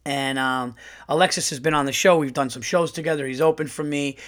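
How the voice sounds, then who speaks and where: A man who is a comedian and podcast host, telling stories in a casual, profane monologue that climbs to loud outbursts when he gets heated. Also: fairly high pitch, a little fast. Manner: animated, profane, rising to shouting when heated.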